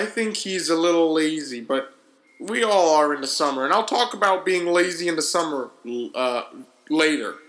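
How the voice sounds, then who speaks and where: A man's voice: fairly high pitch, fairly bright tone. A young man hosting a casual solo podcast, rambling energetically in slangy talk with frequent restarts. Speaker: podcast host.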